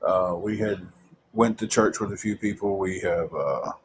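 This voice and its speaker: A man's voice: low voice, measured pace, noisy background. A young man telling a long personal story in a rambling way, with many fillers and repeated words.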